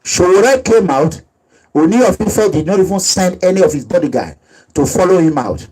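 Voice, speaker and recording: A man's voice: sits high, sing-song, moderate pace, a little mellow, slightly rough, low-quality recording. A man with a Nigerian accent giving emphatic, repetitive, preachy commentary as a political activist. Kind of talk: impassioned commentary over video.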